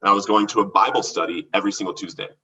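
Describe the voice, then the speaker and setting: A man recounting his recovery from addiction as a podcast guest, earnest and halting, with many restarts. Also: lowish voice, steady tone, bright, forceful tone, husky, recorded from a distance, dull audio. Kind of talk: candid testimony in a podcast conversation.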